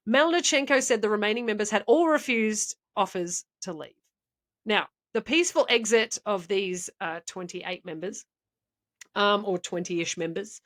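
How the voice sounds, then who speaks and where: A woman's voice: a little high, fairly bright tone. A woman co-hosting a podcast, telling a story in a rambling, chatty way and laughing often. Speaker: podcast co-host. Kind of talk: casual podcast chat.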